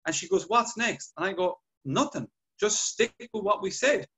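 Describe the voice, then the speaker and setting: Man, slightly high voice, casual podcast chat, acts out dialogue. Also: moderate pace, slightly rough. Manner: animated storytelling, acts out patient dialogue. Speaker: podcast guest clinician.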